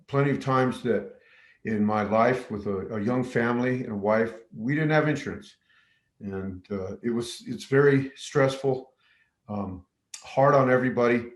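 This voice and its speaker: A man's voice: lowish voice, reverberant. A man, a middle school teacher from New Mexico, telling a personal story with many fillers and restarts. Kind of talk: personal story told to camera.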